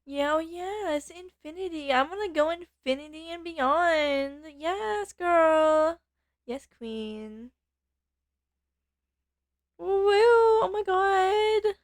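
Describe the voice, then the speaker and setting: A woman's voice: fairly high pitch, a little slow, a bit bright, no room sound, clean studio sound. A woman putting on the voice of a ditzy, self-absorbed valley girl, drawling and full of "like". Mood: sassy.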